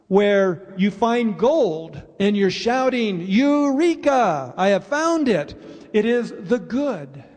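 Male pastor, high-pitched, unhurried earnest sermon delivery, reverberant church hall. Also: a little mellow. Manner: earnest, explanatory preaching with pauses. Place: church sanctuary.

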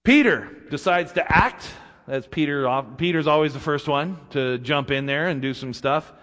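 A man's voice: fairly high pitch, moderate pace, a bit bright. A male pastor preaching a sermon in a conversational way, with casual asides to the congregation, in a church sanctuary. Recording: long reverb in a church.

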